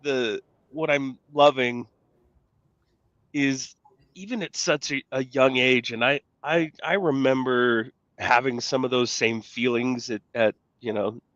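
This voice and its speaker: A man's voice: mid-range voice, fairly bright tone, no room sound, lo-fi sound. A middle-aged man co-hosting a podcast, joking and rambling with plenty of fillers and restarts. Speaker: podcast co-host. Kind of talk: casual podcast conversation.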